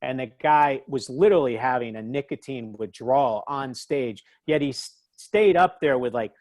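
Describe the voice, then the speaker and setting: A man guest telling lively anecdotes in casual talk, acting out other people in a raised voice. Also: medium pitch, moderate pace, no echo. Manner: animated, acts out quotes in raised voice. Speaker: interview guest, author. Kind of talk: casual storytelling.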